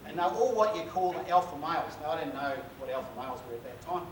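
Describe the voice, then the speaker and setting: A man's voice: a little high, lively intonation, quick pace. A middle-aged man with a New Zealand accent telling funny stories in a casual, joking keynote and bantering with the audience. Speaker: keynote speaker. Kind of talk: humorous keynote storytelling. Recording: echoey hall, far from mic, noisy.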